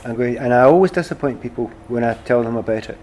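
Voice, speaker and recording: A middle-aged man with a Glasgow accent, chatting as an interview guest. He tells stories with animated, self-deprecating energy in a mid-pitched voice. A faint hiss sits under the talk. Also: fast talker. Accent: Glasgow Scottish. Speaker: guest, former footballer. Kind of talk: casual conversation.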